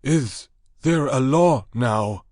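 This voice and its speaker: A man voicing an excitable monkey-man creature in an audiobook, who asks anxious, shrill questions. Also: drawn-out words, dry recording, clean studio sound.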